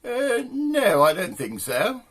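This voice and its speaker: A man's voice: high-pitched, wildly swooping pitch, slow pace, background noise, voice pushed up, heavily acted. A man voicing a tearful posh young woman turning down advances.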